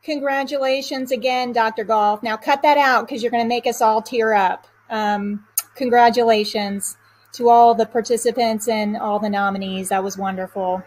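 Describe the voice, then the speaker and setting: A woman hosts a live awards webinar, introducing speakers in an upbeat, friendly manner. Her voice sits a little high. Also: steady tone, darkish tone. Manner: upbeat, drawn-out announcing. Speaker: awards ceremony host.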